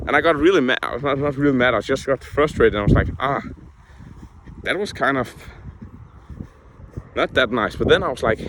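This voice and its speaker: A man's voice: medium pitch, noisy background. Young man venting in a casual vlog. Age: young adult. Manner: frank, heated, swears often. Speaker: vlogger.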